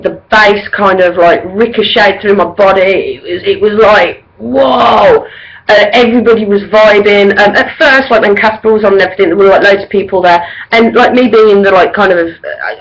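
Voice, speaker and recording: A woman's voice: mid-range voice, poor audio. Gushing, rambling woman vlogger. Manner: gushing and rambling, full of ums and likes. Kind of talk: casual to-camera gig review.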